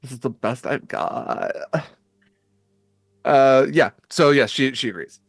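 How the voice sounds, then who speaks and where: A man's voice: medium pitch, takes it slowly, dry recording. A man runs a tabletop game with an easygoing, self-mocking tone and plenty of filler sounds. His voice sits mid-range and comes through a dry, close home mic with no room sound. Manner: relaxed, self-deprecating, many filler sounds. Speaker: game master. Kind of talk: running a tabletop game, casual banter.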